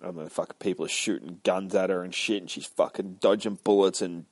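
A man's voice: low voice, fairly even intonation, a little fast, no room sound. A man casually recapping a comic book issue on a podcast, rambling and swearing constantly as he walks through each panel. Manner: profane, rambling, sweary play-by-play. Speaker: podcast co-host reviewing comics.

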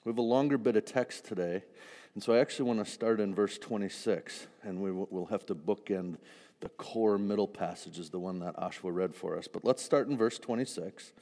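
A man preaching a sermon in a conversational, animated way, acting out the disciples with humor. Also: on the low side, fairly quick, big-room sound. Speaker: pastor.

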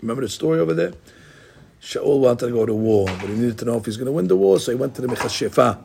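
A man's voice: medium pitch, lively intonation, fast, creaky, mellow, a little hiss or hum. A middle-aged man, a rabbi, gives an informal Torah class, talking conversationally with digressions and many restarts.

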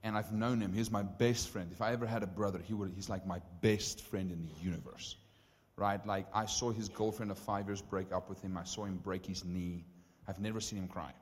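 A man with a South African accent, a pastor telling his story to a congregation in a casual, animated way full of "like" and "right?". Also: low-pitched, a little fast, big-room sound. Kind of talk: storytelling sermon.

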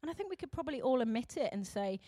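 Animated high-voiced woman preaching. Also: rapid-fire, dry recording, clean studio sound. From Britain. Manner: animated and chatty, acting out quotes, laughing at herself. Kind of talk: sermon.

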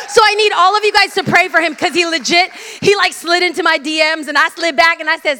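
A woman preaching a sermon as a guest speaker, animated and joking as she tells stories. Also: very high voice, fast, few pauses.

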